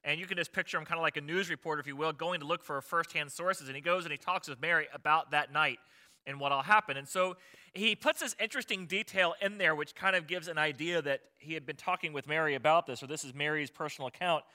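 Speaking fast, a male pastor delivers a chatty, conversational sermon and often turns to his listeners with rhetorical questions. His voice is slightly high and very bright, with a sharp edge.

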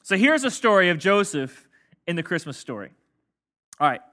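Bright-voiced joking male pastor. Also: high voice, very animated, moderate pace. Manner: casual, joking, leads congregation call-and-response. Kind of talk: sermon. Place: church sanctuary with congregation.

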